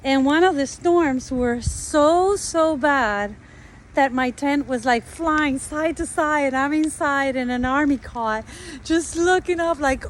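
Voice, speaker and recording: A woman's voice: sits high, slow, a little hiss or hum, poor audio. A woman speaking casually to camera at her wooded building site, with many fillers and restarts. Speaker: tiny house builder. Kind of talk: casual vlog talk to camera.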